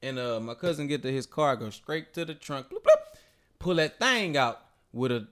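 A man's voice: mid-range voice, moderate pace. A man on a podcast, telling a story in casual, profane chat and acting out the people in it. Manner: animated, profane storytelling with voiced quotes. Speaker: podcast host.

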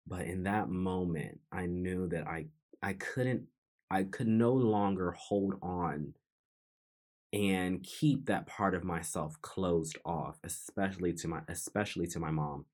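A man with a very low voice recounts a personal memory for his podcast. He speaks earnestly and reflectively, often stopping to restart and repeating phrases as he works through it. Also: a little slow, a little mellow. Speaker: podcast host. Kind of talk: personal storytelling monologue.

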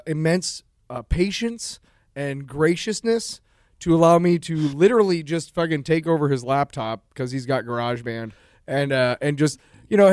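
A man's voice: fairly high pitch, smooth, dry recording, studio quality. A man co-hosting a podcast, talking in a loose, profane, rambling way. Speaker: podcast co-host and musician. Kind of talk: casual podcast chat.

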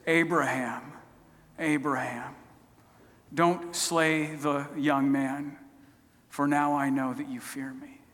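A man voicing God and Jesus, calm and solemn, speaking low and hushed in a reverberant hall. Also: takes it slowly, pauses often. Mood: solemn tender.

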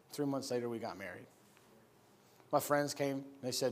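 A man preaching in a church, telling his personal story in an animated, laughing storytelling manner. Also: medium pitch, fast talker. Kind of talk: sermon testimony.

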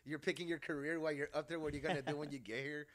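A man's voice: a little high, steady tone, very fast, a bit bright. A middle-aged man, a tattoo artist guest, chatting casually, swearing freely and laughing through his stories. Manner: profane, laughs often, storytelling. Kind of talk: casual chat.

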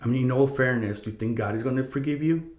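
A man's voice: medium pitch, quick pace, a little mellow. A middle-aged man hosting a show, telling a personal story in a rambling, fervent way, with frequent restarts and swearing. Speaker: podcast host. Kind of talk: casual storytelling monologue. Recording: echoey room.

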